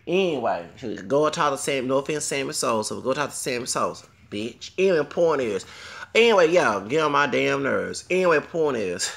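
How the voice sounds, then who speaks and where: Rambling, profane man, gravelly. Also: medium pitch, bright, forceful tone. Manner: crude, rambling, digressive, frequent profanity. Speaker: vlogger. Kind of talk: rambling monologue rant.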